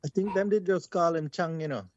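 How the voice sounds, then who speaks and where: A man's voice: sits high, a little fast, darkish tone, lo-fi sound, slight background noise. A Jamaican man who is a guest on a podcast, talking in an easygoing way. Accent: Jamaican patois. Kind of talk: casual chat.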